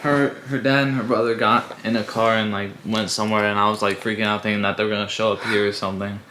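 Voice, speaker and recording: A man's voice: fairly low pitch, level tone, fast talker, noisy background. A young man, the boyfriend, adding his side in a casual chat with brief, plain remarks and fillers. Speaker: boyfriend guest.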